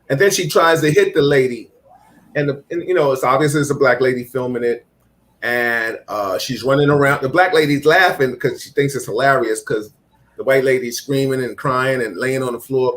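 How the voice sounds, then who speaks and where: A man hosting a casual talk show, reading out viewer comments and retelling stories with energy. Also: mid-range voice. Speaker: host. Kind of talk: casual chat.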